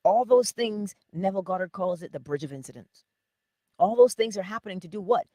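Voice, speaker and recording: A woman giving an animated motivational talk, often laughing and talking straight to her viewers. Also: medium pitch, a little fast, dry recording, studio quality. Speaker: inspirational speaker.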